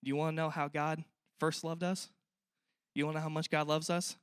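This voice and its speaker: A man's voice: a little high, level tone, fairly quick, a bit bright, clean tone, no room sound, clean studio sound. A young man preaching a sermon in a church, earnest and conversational, often asking the listeners questions. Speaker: pastor.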